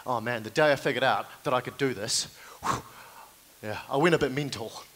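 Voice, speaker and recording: A young man with a New Zealand accent doing live stand-up comedy on stage, with self-deprecating, deadpan asides to the audience. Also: mid-range voice, fairly quick. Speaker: comedian and card manipulation performer.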